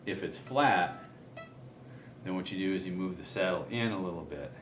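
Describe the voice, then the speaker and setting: A man talking through a guitar setup in a relaxed, unhurried way, pausing often to think as he demonstrates. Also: low-pitched, roomy sound, background noise. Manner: relaxed, thinking aloud with many ums. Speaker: guitar player explaining setup. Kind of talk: casual demonstration.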